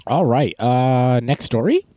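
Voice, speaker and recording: A young man hosts a podcast, telling stories in a casual, self-mocking way. His pitch swings widely as he talks, and he jumps into a high voice to act out quotes. The sound is dry and close. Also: expressive, takes it slowly, dark tone, dry recording. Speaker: podcast host. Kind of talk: casual storytelling monologue.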